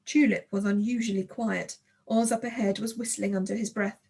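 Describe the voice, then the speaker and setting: A woman narrating a children's audiobook in the first person, with expressive storytelling. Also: mid-range voice, moderate pace, vocal fry, slightly rough.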